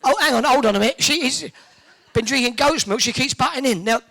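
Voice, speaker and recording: A man's voice: extremely high pitch, bright, forceful tone. A man from Hertfordshire, hosting a live event and bantering cheekily with the audience in an indoor hall. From Hertfordshire, England. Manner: joking, teasing, quick with quips. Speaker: host working the audience.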